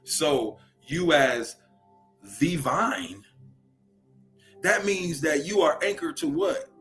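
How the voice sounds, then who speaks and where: A man's voice: on the high side, expressive, slow pace, fairly bright tone, soft background music. A young man from Louisiana with a Southern accent hosts a spiritual livestream talk in a preachy way, often asking "right?" to check in with his viewers.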